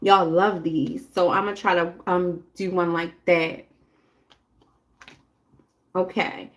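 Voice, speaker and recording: A woman's voice: lowish voice, flat delivery, slow. A woman giving a casual live tarot reading, talking bluntly and chattily straight to her viewers. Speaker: tarot reader.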